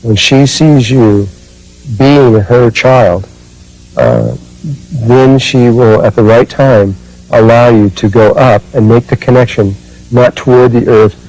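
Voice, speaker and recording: Guy giving a slow spiritual talk, warm mellow voice, lots of uhs and restarts. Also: mid-range voice, rough recording. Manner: slow, halting, with many fillers and restarts. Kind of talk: spiritual talk, personal recollection.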